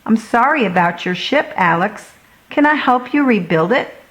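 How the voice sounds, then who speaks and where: A woman's voice: fairly high pitch, animated, moderate pace, voice pushed up, rough recording. A woman doing a kind little girl. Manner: kind and soft. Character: kind, helpful young girl.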